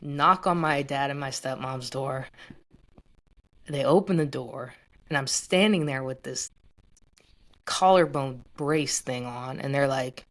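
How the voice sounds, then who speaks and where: A woman's voice: very deep voice, takes it slowly, pauses often. A young woman in her twenties casually retelling a personal story, full of "like" fillers. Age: 20s. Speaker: guest.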